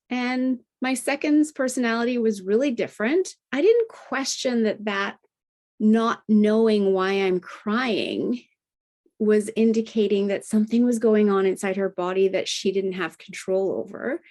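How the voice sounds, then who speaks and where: Chatty woman telling a personal story. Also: darkish tone. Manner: conversational, often tags phrases with "you know" and "right?"; acts out remembered dialogue with lifted pitch. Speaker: guest, integrative health practitioner and health coach. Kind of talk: personal storytelling in a podcast interview.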